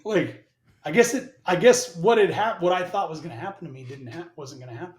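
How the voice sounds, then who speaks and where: Animated man telling a story in a roomy echo. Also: high-pitched, a little fast. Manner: animated, profane, mimics both sides of conversations. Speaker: podcast guest. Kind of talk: casual storytelling with acted-out dialogue.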